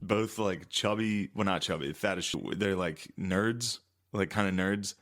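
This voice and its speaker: A man's voice: sits low, a little slow, fairly bright tone. A man co-hosting a podcast in casual chat, chiming in with short quips and laughter, then telling his own story. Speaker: podcast co-host. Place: podcast studio.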